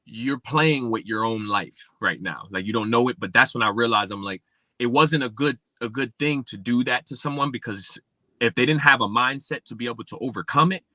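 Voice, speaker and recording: A man from Pennsylvania, a podcast guest telling his life story and acting out remembered dialogue with big swings in pitch. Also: fairly quick, sharp tone, no room sound. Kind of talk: personal storytelling in an interview.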